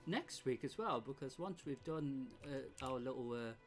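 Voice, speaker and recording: A chatty, rambling man commenting on his gameplay during a stream. His pitch moves a lot as he talks. Game music plays clearly under his voice. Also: animated, normal speed. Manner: chatty, rambling, laughs often.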